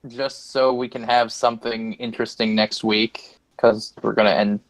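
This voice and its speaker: A man's voice: fairly low pitch, level tone, no room sound, poor audio. A young man running a tabletop game as game master, talking casually with frequent halts and swearing. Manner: casual, halting, swears freely.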